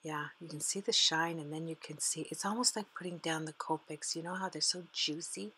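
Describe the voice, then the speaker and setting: A woman's voice: low voice, fairly even intonation, a little fast, sharp tone, husky, rough recording. A woman hosting a card-making tutorial, chatting casually as she works through each step. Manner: chatty, fond of her materials, talks while working. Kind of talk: casual craft demonstration narration.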